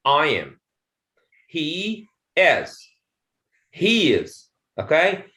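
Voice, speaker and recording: A man's voice: high voice, a bit bright. A man teaching a pronunciation lesson to a classroom of students, repeating phrases and checking understanding with "okay?". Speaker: English teacher.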